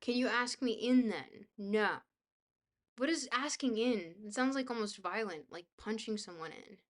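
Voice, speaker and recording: A young woman livestreamer with a fairly high voice chats casually with her viewers at a normal speed, reading their messages. She comes across bubbly, goofy and self-deprecating.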